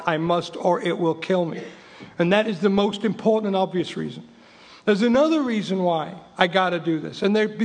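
A man in his fifties from England speaks at a recovery meeting in a high, slightly rough voice trailed by long reverb. Emphatic and repetitive with wry humor, he also reads from a book.

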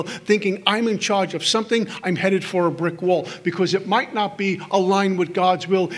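A middle-aged man speaking at a recovery workshop, telling stories and acting out the voices in his head for a live audience. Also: high voice. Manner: storytelling, acts out inner voices with quick asides. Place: meeting hall with audience.

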